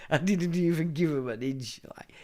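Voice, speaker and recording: A man's voice: fairly high pitch, normal speed, warm tone. A middle-aged man, hosting a livestream and ranting in a blunt, profane, rambling monologue. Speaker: livestream host.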